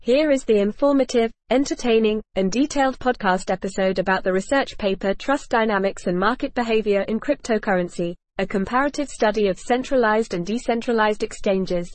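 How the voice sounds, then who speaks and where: Woman podcast host, mid-pitched, dry close sound, smooth scripted read. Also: a little fast, few pauses, no room sound. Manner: polished, evenly read, reads cue notes aloud.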